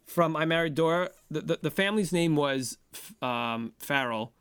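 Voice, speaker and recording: A man with a slightly higher voice chats loosely as a podcast co-host, rambling from one thought to the next and tossing "man" into his sentences. The sound is close and dry, with no room echo. His delivery stays animated and casual. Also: moderate pace, smooth. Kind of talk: casual chat.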